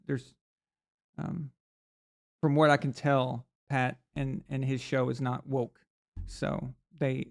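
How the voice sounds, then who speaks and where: Through a desk mic on camera, a sports talk show host runs a live stream, rambling through his views with frequent restarts and fillers. His voice is gravelly and medium-pitched.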